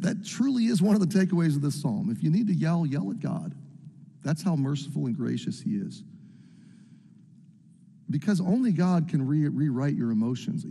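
In a church sanctuary with long, echoing reverb, a pastor with a mid-range, mellow, husky voice and vocal fry preaches a sermon. He reads scripture and acts out the psalmist's cries, his voice rising.

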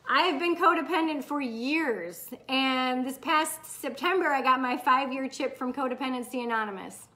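A middle-aged woman talks candidly in a casual live chat, swearing freely and breaking into excited whoops. Her voice sits high and bright, with an open, outspoken delivery. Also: normal speed, hardly any pauses. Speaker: host.

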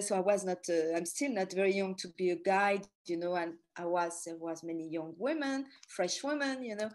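A middle-aged woman from France with a French accent, telling stories in an animated, chatty presentation full of asides. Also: mid-range voice. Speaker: tour guide giving a talk. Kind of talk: storytelling presentation.

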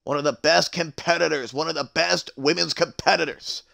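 Male stream commentator, announcer energy, high and very gravelly. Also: fairly even intonation, normal speed, sharp tone. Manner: hype announcer, chatting to live stream viewers. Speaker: wrestling commentator. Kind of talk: play-by-play commentary of a video game wrestling show.

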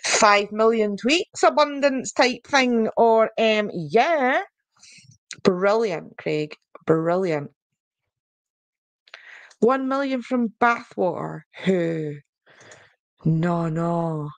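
A woman's voice: mid-range voice, lively intonation, extremely slow, no room sound. A young woman hosting a live stream, chatting playfully with viewers, giggling, and reading oracle cards aloud. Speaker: podcast host doing oracle card readings.

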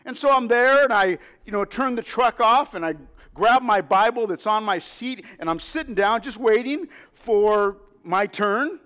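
High-voiced preaching man in his fifties. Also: expressive, measured pace. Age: 50s. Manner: storytelling, drops to a hush then rises to emphatic calls; asks the congregation for responses. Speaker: pastor. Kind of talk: sermon.

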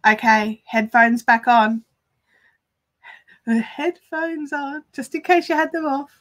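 A woman's voice: high voice, slow, fairly bright tone. An Australian woman hosting a crafting livestream, chatting casually in a rambling, good-humoured way with frequent laughs.

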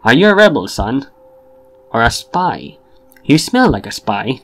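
A man's voice: mid-range voice, big pitch swings, unhurried. A man voicing a bossy young male ship bartender who talks like a drill sergeant, barking orders in an officious way. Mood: interrogating. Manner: barking, officious, then chummy.

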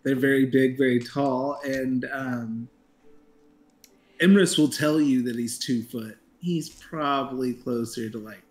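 A man player describing his character in casual game chat, halting, with many pauses and fillers. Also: medium pitch, steady tone. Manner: hesitant, halting, many ums.

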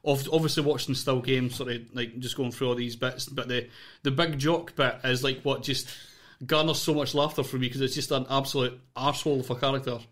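A man's voice: mid-range voice, fairly even intonation, brisk, hardly any pauses, fairly bright tone. A man hosting a podcast, asking questions in a loose, informal way with lots of fillers and restarts. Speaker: podcast host. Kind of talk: casual interview.

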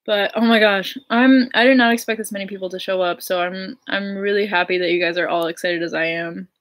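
A woman's voice: medium pitch, steady tone, fairly quick, fairly bright tone. A young woman musician chatting on a livestream, giddy and gushing, laughing often. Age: young adult. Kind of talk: casual livestream chat. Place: home.

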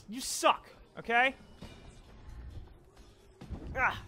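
A young man narrates his own gameplay in a bright, lively voice that swings widely in pitch. He is casual and quick to swear, bursting into excited shouts when caught. Faint background noise sits under the recording, and his voice is a little higher than most men's. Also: soft background music. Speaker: let's play commentator.

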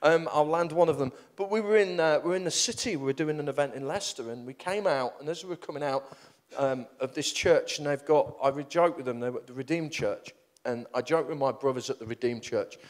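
A middle-aged man, preaching in a storytelling sermon, animated and self-deprecating, rambling with restarts. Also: on the high side, brisk.

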